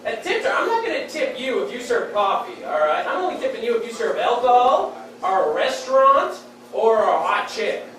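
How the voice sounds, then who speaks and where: High-voiced man doing stand-up in an echoey club. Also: very animated, a bit bright, slight background noise. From Saskatchewan, Canada. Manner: wry, casual storytelling with quick acted-out quotes. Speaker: stand-up comedian. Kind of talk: stand-up comedy set. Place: comedy club stage in a beer hall. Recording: very echoey club room, mic distant. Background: audience laughing.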